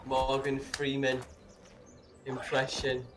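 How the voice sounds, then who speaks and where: A man's voice: mid-range voice, completely flat delivery, takes it slowly, background noise. A man co-hosting a live game stream, reading out the chat and teasingly pushing his friend. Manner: teasing, pushy, eager. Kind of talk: casual live stream banter.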